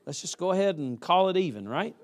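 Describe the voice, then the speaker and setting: Casting: man, preacher, folksy and emphatic, slightly higher voice. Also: sing-song, a little fast. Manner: folksy, emphatic, acts out quoted students. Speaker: college preacher. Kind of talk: chapel sermon.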